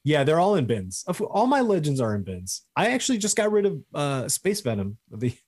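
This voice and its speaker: A man chats casually as a co-host. His husky voice swings wildly up and down in pitch. He talks in quick, excitable bursts and laughs often. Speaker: podcast co-host. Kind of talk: casual chat among collectors.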